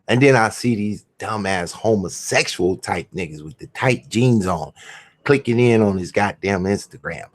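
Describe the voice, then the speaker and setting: A man's voice: lowish voice, lively intonation, normal speed. A man hosting his own show, delivering a crude, mocking, profane rant. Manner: crude, mocking, swings between shouts and mutters. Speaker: host. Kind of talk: profane ranting monologue.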